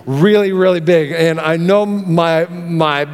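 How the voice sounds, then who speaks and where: A middle-aged pastor, preaching a lively sermon and acting out his stories. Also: on the high side, takes it slowly, clear, resonant tone. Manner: animated, storytelling with acted-out exclamations. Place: church hall. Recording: reverberant church hall.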